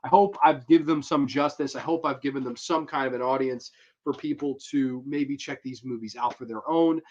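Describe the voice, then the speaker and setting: Hosting a horror movie review livestream, a young man talks at a moderate pace in a mid-range voice with a darkish tone. He reads chat aloud and answers viewers in a rambling, slangy, casual manner; the stream audio sounds dull and lo-fi.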